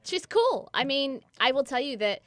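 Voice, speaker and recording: A woman from New York, an actress chatting as a podcast guest, animated and quick to laugh. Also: high-pitched. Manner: animated storyteller, laughs often. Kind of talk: casual interview chat. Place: podcast studio.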